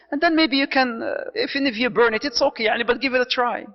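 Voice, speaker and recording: Male preacher, animated and jokey, high voice, dull recording in an echoey hall. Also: fast, hardly any pauses. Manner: animated, jokey, mixes in Arabic phrases. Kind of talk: lecture on marriage to an audience.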